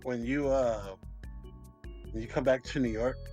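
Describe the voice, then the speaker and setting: A man's voice: medium pitch, unhurried, lo-fi sound, faint music behind. A man calling in as a guest, talking eagerly and swearing freely in casual chat. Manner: excitable, swears a lot. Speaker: call-in guest. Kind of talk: casual chat over a call.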